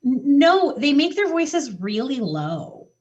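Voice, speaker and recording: A woman co-hosting a casual chat show, with a mid-range voice and a quick, animated way of talking. She rambles and restarts her sentences, and the odd swear word slips in. The audio sounds a little muffled and lo-fi. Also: high-pitched. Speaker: podcast co-host.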